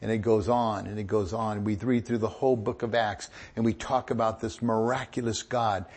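Male pastor, middle-aged, husky breathy voice, sermon, animated and joking, emphatic bursts. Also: fairly low pitch, normal speed.

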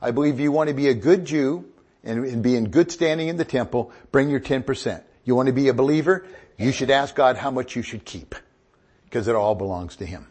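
A man's voice: medium pitch, a little fast, a little mellow, husky. A middle-aged male pastor preaching a sermon, joking with the congregation and rising into emphatic bursts.

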